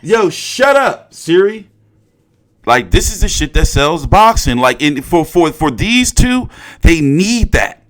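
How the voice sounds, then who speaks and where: A young man talking through a boxing press conference in loose, profane chat, his pitch sitting a little high and swinging widely. He gets carried away and breaks into loud, excited outbursts. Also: measured pace. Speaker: boxing commentator. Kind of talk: casual reaction commentary.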